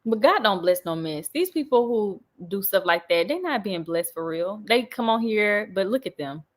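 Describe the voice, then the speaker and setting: A young woman talking casually to her livestream viewers, reading and answering comments as they come in. Her speech is loose and chatty, often broken by laughter. Her voice sits at an ordinary middle pitch. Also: lively intonation, normal speed. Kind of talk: casual chat.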